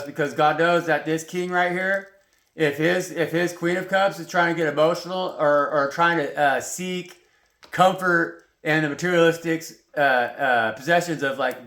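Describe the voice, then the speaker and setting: A man's voice: fairly high pitch, a bit bright. A man giving a casual, rambling tarot reading, heated and full of swearing. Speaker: tarot reader. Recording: roomy echo.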